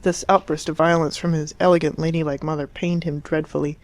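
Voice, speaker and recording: Woman narrating an old novel, calm expressive reading, dry close mic. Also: sits low, a little fast, no room sound. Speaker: audiobook narrator. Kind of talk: scripted narration.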